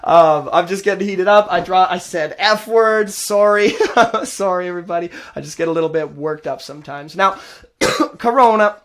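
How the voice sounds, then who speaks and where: A man's voice: sits high, moderate pace, fairly bright tone. A man hosting a show, giving heated, sarcastic political commentary with mocking asides. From Canada. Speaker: host.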